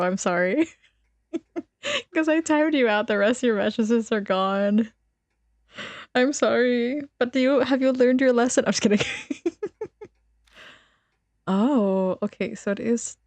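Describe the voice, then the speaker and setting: A woman with a voice on the high side streams a game, chatting casually with viewers and reading the game's text aloud. Her manner is teasing and giggly, and there's no echo.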